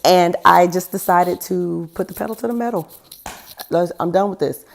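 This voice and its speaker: A woman's voice: on the low side, normal speed, gravelly. A woman podcast host candidly telling a personal story in a frank, conversational way, with laughs breaking through heavy moments.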